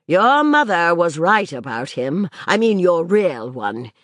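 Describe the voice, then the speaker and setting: A woman voicing a blunt, stern older female governess in an audiobook, delivering her judgments slowly and with heavy emphasis. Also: on the low side, sing-song, no echo, clean studio sound. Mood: emphatic. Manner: slow, weighty, emphatic pronouncements. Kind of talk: audiobook character voice.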